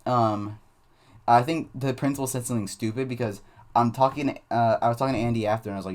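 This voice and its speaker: A man's voice: mid-range voice, steady tone, quick pace, a little mellow. Rambling man telling a school story. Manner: rambling, many fillers and restarts. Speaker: channel host. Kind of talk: casual storytime.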